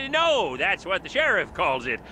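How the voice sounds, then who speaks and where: A man's voice: extremely high pitch, bright, forceful tone, a little hiss or hum, heavily acted. A man voicing a giggly, eager small-town coroner in a video game, tacking a silly sound onto his words. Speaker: game character.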